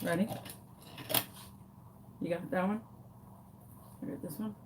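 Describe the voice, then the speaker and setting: A woman, hosting a craft tutorial and telling a story to her viewers in a dramatic, animated, casual way. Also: on the low side, takes it slowly, noisy background.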